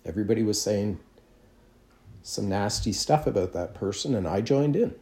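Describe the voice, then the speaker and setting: A man's voice: fairly low pitch, expressive, moderate pace, a little mellow. A man, a pastor, preaching a sermon in a conversational storytelling way with self-deprecating humor.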